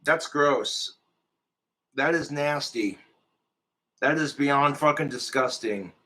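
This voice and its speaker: A man's voice: medium pitch, slow pace, pushed and bright. A man streamer delivering a crude, combative comedic rant full of swearing.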